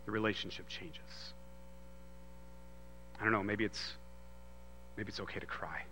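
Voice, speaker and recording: Earnest bright-voiced man preaching. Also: lowish voice, steady tone, a little slow, long reverb tail, slight background noise. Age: 30s. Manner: earnest, swings from loud emphasis to hushed storytelling. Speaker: pastor. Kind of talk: sermon.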